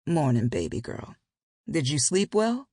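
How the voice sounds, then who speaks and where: A gruff, teasing grown man, voiced by a woman reading an audiobook speaks low and husky, with a growl under his words. The sound is gravelly and breathy. It is close and dry, with no room around it. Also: lively intonation, normal speed, dry recording, heavily acted. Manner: growling, rough-edged banter.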